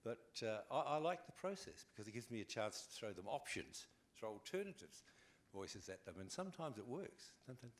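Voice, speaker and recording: With a medium-pitched voice, he talks fairly quickly and hardly pauses. He's an older Australian actor and convention panel guest, relaxed and wry, animatedly acting out his stories.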